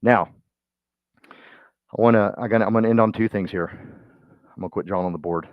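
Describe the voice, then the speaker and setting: A man's voice: fairly low pitch, normal speed, no echo. Fired-up man coaching agents. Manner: energetic, folksy, preacher-like swings between loud and quiet. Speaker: real estate trainer. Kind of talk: motivational training talk. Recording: dull muffled sound, dry.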